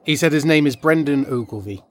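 Cheery bloke rambling on, kinda high voice. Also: male voice, brisk, faint music behind. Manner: chatty, rambling, cheerfully oblivious. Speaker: street entertainer. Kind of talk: comedy sketch dialogue.

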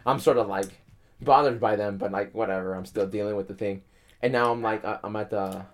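A man's voice: fairly low pitch, steady tone, fairly quick. A young man casually telling a long story, rambling with repeated words, frequent swearing and laughter. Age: young adult.

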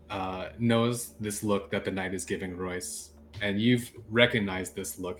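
A man's voice: on the low side, a bit bright, slight background noise. A man narrating as game master, loose and laughing, with many fillers.

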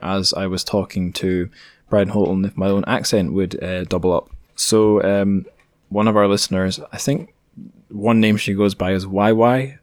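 Scottish male podcast host, low-pitched, chatty and rambling, dry close recording. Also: darkish tone, no echo. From Scotland. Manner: chatty, rambling, self-correcting. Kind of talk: casual solo podcast chat.

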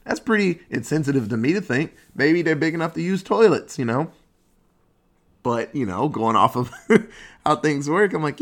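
Animated, profane man ranting casually. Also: fairly high pitch, moderate pace. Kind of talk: casual monologue.

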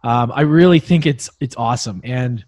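A man hosting a casual interview, enthusiastic and encouraging in a relaxed way. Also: mid-range voice, normal speed, no echo. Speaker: podcast host.

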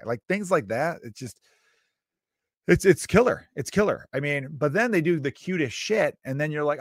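A man's voice: medium pitch, quick pace, a bit bright, no echo, studio quality. A man in his thirties and a father of two, talking casually and comically, acting out scenes with his kids and swearing freely. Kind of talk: casual comedic monologue.

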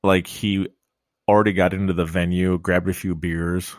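A man's voice: deep voice, little pitch movement, normal speed, dry recording, studio quality. A man from Minnesota hosting a podcast in casual, jokey chat. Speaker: podcast host.

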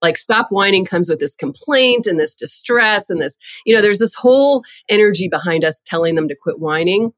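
A middle-aged woman who teaches parenting classes, telling stories in an animated, conversational way as an interview guest. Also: on the low side, normal speed, few pauses, no room sound. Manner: lively, animated storytelling with laughs.

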